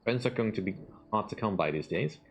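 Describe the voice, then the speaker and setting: A man's voice: fairly low pitch, animated, fairly quick, highs cut off, a little hiss or hum. A man reading a grateful village leader. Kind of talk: reading game dialogue aloud.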